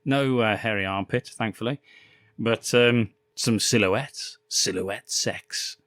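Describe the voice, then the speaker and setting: A man's voice: mid-range voice, unhurried, a bit bright, smooth, dry recording, clean studio sound. A man co-hosting a podcast, recapping a bad film in casual, profane, rambling banter. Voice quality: sweary, laughing, rambling recaps. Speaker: podcast co-host.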